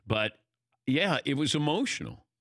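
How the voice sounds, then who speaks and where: An older man hosts a casual talk show, his pitch swinging up and down as he tells stories. His voice is bright and forward, close and dry with no room sound. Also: moderate pace, dry recording. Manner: animated storytelling, acting out quoted lines. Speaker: host. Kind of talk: casual chat.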